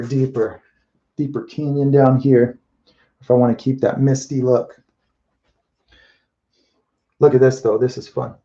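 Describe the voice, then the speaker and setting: Man, casual painting commentary, thinking aloud, dark warm tone, dull recording. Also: medium pitch. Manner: relaxed, thinking aloud, self-correcting. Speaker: mural painter.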